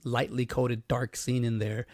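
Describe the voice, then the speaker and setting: A man in his thirties, co-hosting a podcast in casual chat, telling stories quickly and swearing freely. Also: medium pitch, flat delivery, darkish tone, no echo, clean studio sound. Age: 30s. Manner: fast, swearing, storytelling. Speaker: podcast co-host.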